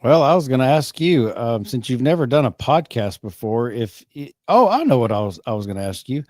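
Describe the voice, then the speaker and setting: Brief: middle-aged male host, mellow tone, dry close sound, rambling and halting. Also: medium pitch, sing-song, dry recording. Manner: rambling, halting, self-correcting. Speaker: podcast host. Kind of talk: casual chat.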